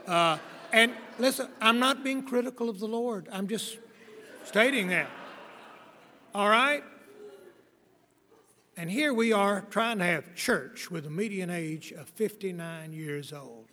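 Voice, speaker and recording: Preacher, man, 60s; high bright voice, rambling and wry, echoing hall. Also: takes it slowly, long pauses. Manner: rambling, wry and blunt, with many fillers. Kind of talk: lecture on preaching.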